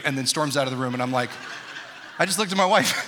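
This pastor in his thirties speaks in a mid-range voice at a quick pace, with a sharp tone and a little hiss or hum underneath. He talks conversationally and quizzes the congregation during his sermon in a large, reverberant church hall.

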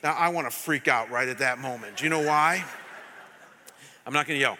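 A man's voice: medium pitch, a little fast, pauses often, pushed and bright. A middle-aged man preaching a passionate sermon as pastor, emphatic and quizzing the congregation. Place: church sanctuary. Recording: long hall reverb.

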